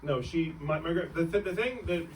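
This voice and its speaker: A man's voice: a little high, a little fast, far from the mic, a little hiss or hum, rough recording. A young man doing a stand-up comedy set, rambling and breaking off mid-sentence, laughing at his own jokes on a club stage.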